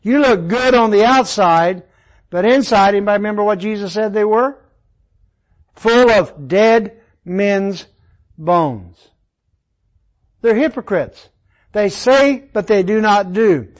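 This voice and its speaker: A man's voice: high-pitched, animated, takes it slowly, long pauses, rough recording. A man teaching an informal Bible study class, explaining the verses one by one in a conversational way.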